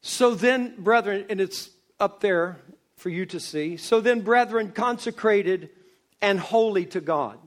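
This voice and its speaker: A male pastor preaching a sermon, swinging between loud emphasis and hushed asides. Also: high voice. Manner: slow, drawn-out delivery.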